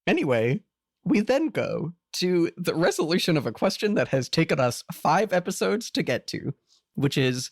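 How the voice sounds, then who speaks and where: Animated, swearing podcast co-host. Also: mid-range voice, normal speed, dry recording, clean studio sound. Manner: animated, swears a lot, laughs often. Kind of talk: casual chat.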